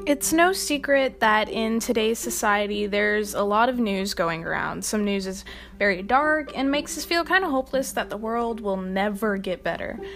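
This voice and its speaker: A woman's voice: mid-range voice, animated, normal speed, a bit bright, faint music behind. A young woman hosting a video, doing casual scripted commentary with laughing, exasperated asides. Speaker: video host.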